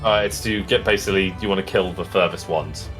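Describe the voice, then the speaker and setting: A man's voice: deep voice, fairly quick, a bit bright, faint music behind. A man narrating as game master of a tabletop game, in a casual, rambling way full of fillers.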